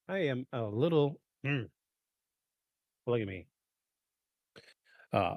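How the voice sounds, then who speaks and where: Rambling man clearing his throat. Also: mid-range voice, dry recording. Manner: rambling, many fillers, self-correcting. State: keeps clearing throat from pollen allergies. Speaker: podcast host. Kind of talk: casual live podcast chat. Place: home setup in the eastern US.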